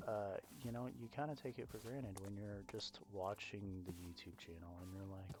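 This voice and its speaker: A man's voice: lowish voice, fairly even intonation, moderate pace, hardly any pauses. A man giving rambling, self-mocking let's-play commentary with lots of fillers, talking into a desk mic. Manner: chatty, digressive, self-mocking, many fillers. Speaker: gaming YouTuber.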